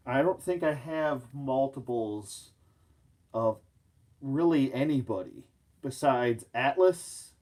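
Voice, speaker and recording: A man of ordinary pitch runs a live toy review, talking loosely and wandering off topic. He pokes fun at himself and answers his viewers as he goes. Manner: rambling, chatty, self-mocking, answers viewers. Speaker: action figure reviewer. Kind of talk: casual live review chat.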